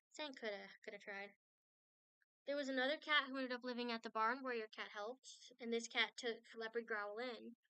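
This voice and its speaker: A woman's voice: a little high, pushed and bright, smooth, dry recording. A woman art streamer telling a long story in casual chat, rambling with many restarts and asides.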